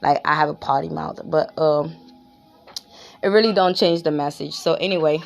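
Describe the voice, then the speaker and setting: A woman's voice: deep voice, moderate pace, creaky. A woman in her thirties hosting a spiritual live broadcast, talking in a rambling, slangy way and swearing freely. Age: 30s. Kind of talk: casual chat.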